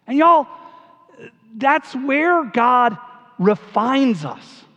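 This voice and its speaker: A pastor preaches to his congregation in a high voice at an unhurried pace, conversational and emphatic, and he often repeats himself. The recording sounds dull, with long hall reverb.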